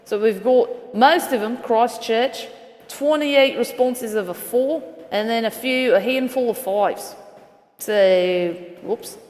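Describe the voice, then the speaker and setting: A woman's voice: a little high, takes it slowly, darkish tone, in a large hall. A woman hosting a casual weather show, rambling as she thinks aloud and corrects herself mid-sentence.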